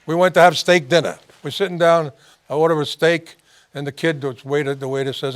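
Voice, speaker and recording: A New host tells long, looping stories and laughs along as he goes. His voice sits a touch high for a man, and he keeps circling back and restarting his sentences. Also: steady tone, brisk. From New York. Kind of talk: talk-show anecdote storytelling.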